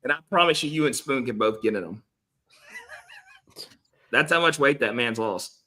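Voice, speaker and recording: A man's voice: medium pitch, animated, measured pace, pushed and bright. A man, joking around in casual podcast banter. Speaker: podcast co-host. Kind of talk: casual chat.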